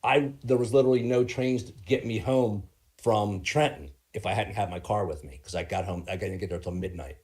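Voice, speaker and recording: A man chatting as a guest on a live stream, telling his stories in an animated way. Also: on the low side, a little fast, few pauses. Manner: animated storyteller who acts out dialogue. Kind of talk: casual chat. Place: Philadelphia area.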